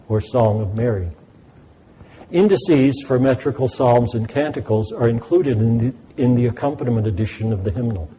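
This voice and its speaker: A man teaching about sacred music in a measured, explanatory way. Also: medium pitch, mellow, slight background noise, rough recording. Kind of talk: scripted lesson narration.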